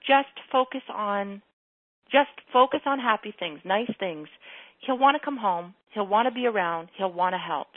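A woman's voice: mid-range voice, lively intonation, moderate pace, no echo. A woman hosting a call-in advice show, direct and coaching, often acting out sample lines for the caller. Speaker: radio advice host. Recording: phone-like radio audio.

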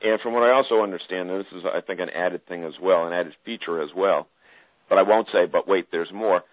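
A man's voice: deep voice, fast, dry recording, phone-quality sound. A man hosting a radio interview, joking around and slipping into an announcer voice for plugs. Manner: jokey, puts on an announcer voice for plugs. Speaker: radio show host.

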